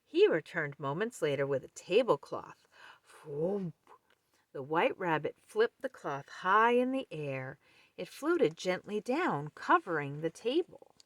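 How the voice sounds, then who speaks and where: A woman reading a children's picture book aloud at an unhurried pace. Her lower voice rises and falls with lively expression. The sound is close and dry. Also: dry recording. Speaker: storyteller.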